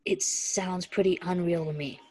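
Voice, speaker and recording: A woman reading the lines of a weary, lonely young man who snaps quietly. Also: fairly low pitch, fairly even intonation, measured pace, poor audio. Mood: frustrated.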